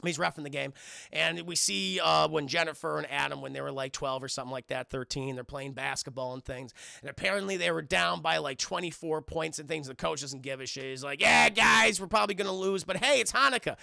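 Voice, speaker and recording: A man giving a casual, profane spoiler review of a film to his live chat and retelling scenes excitedly. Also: on the high side, fairly quick, gravelly, no room sound, studio quality.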